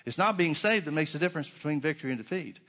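A man's voice: a little high, expressive, very fast, sharp tone, in a large hall. A man preaching a sermon, driving his points home with repeated phrases and rhetorical questions.

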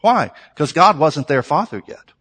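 A man's voice: on the high side, big pitch swings, measured pace, fairly bright tone, slightly rough. A man preaching a sermon to his congregation, earnest and conversational, with emphatic repetition. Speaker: pastor. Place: church sanctuary. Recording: long reverb of a large hall.

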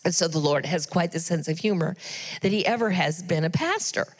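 A woman's voice: on the low side, fairly quick. Middle-aged church lady doing announcements, chatty, lots of ums, big echoey sanctuary. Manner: chatty and earnest, with frequent ums and asides. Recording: long reverb of a church hall.

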